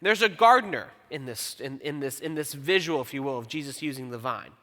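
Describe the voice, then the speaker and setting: A man's voice: mid-range voice, animated, sharp tone. Guy pastor giving a sermon, chatty and joking on himself, lots of hall echo. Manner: conversational and self-deprecating, reads scripture slowly. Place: church auditorium. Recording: long church hall reverb.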